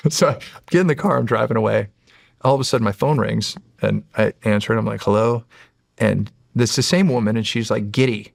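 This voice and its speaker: A man's voice: on the low side, lively intonation, normal speed, vocal fry, no room sound. A middle-aged man, a former Navy SEAL, telling stories as a podcast guest in a casual, profane way. He acts out other people's lines and laughs often. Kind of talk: casual storytelling.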